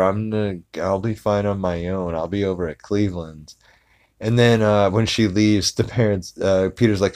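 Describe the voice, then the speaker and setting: A man's voice: fairly low pitch, steady tone, moderate pace. A man hosting a podcast, recapping an episode in a rambling, casual way with many fillers and acted-out quotes. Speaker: podcast host.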